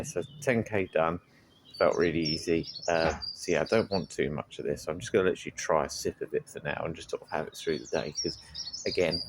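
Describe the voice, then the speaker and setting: A man's voice: very deep voice, noisy background. A young man chatting casually to his phone while out running by the sea, with lots of fillers and a self-deprecating manner. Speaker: vlogger. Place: outdoors by the sea. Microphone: handheld phone.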